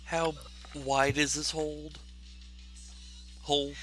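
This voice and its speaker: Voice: mid-range voice, flat delivery, very slow, fairly bright tone, faint music behind. A player at a tabletop game with a teasing, wry way of talking. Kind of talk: casual chat at a game table.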